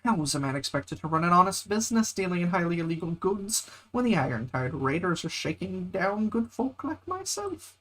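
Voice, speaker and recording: An actor playing a shady male smuggler who runs a tavern, talking like a smooth, wheedling dealmaker. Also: high voice, exaggerated voice.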